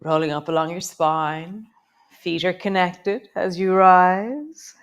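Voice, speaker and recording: A woman teaching a live guided yoga class, giving gentle, encouraging movement cues broken up by chatty asides, and slowing and softening her voice as she talks students through each move. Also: fairly low pitch, clear, resonant tone.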